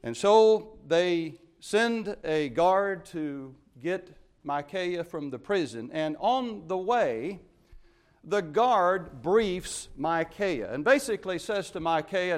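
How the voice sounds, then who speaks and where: A man preaching with urgent emphasis, his voice sitting somewhat high for a man. He moves between soaring, loud declarations and quiet, low asides as he works through the text. It is a pastor's sermon delivery. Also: animated, slow. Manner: emphatic preaching with wide swings in loudness.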